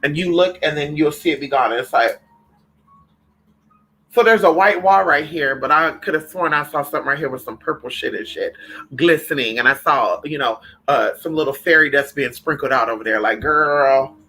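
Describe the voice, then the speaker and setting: A man hosting a spiritual livestream, chatting casually with viewers in an animated, profane way, calling them honey and girl. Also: fairly high pitch, moderate pace, low-quality recording.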